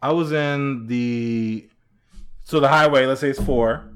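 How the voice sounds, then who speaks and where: There's a little hiss or hum as a podcast co-host with a mid-range voice speaks slowly in casual chat. He tells stories with animation, acting out quotes, swearing, and laughing frequently.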